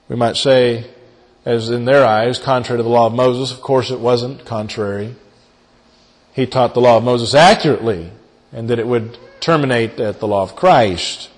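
A man preaching a sermon in a dramatic manner, swinging between loud emphasis and hushed asides and repeating key phrases. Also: medium pitch. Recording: long hall reverb.

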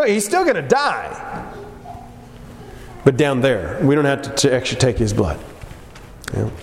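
A man preaching a sermon in an animated way, acting out characters from the story as he goes. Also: mid-range voice, a little hiss or hum. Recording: echoey hall with long reverb.

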